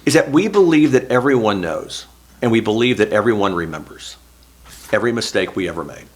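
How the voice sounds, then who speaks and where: Man, middle-aged, low-pitched, from Oklahoma, reflective, anecdotal, self-deprecating. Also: expressive, fairly quick. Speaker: interview guest, former state senator. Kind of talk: reflective oral history storytelling.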